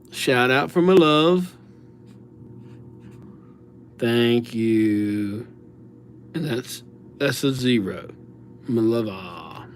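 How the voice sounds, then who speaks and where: A man's voice: fairly high pitch, a little hiss or hum. A man chatting casually on a live stream, reading out viewers' names as he writes them and thanking subscribers. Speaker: livestreamer writing viewers' names.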